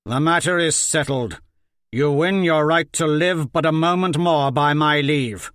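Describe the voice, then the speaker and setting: Guy putting on a mean arrogant lord, loud and bossy, higher than his normal voice. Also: a little slow, dry recording, clean studio sound. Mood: scornful. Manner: scornful, loud and commanding. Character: arrogant cruel male lord.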